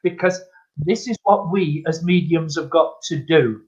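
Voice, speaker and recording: A man's voice: on the high side, measured pace. An older man, a spiritualist medium, chatting as a guest and acting out the voices in his stories. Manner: acts out dialogue, laughs often, calls people "my friend". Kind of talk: chatty anecdotal storytelling. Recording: dull lo-fi call audio.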